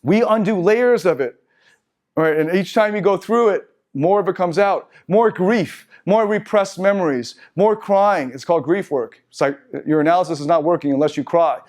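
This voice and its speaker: A man's voice: high voice, moderate pace, darkish tone. A man teaching a seminar, reading passages aloud and then riffing on them casually with asides. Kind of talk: lecturing from slides to a group. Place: meeting room.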